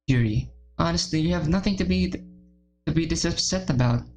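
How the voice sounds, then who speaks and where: A woman's voice: deep voice, fairly quick, a little mellow, faint music behind, close to an everyday voice. A woman voicing a blunt, exasperated teenage girl who leads a school club, in a voiced visual novel reading. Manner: incredulous, scolding, then coaxing.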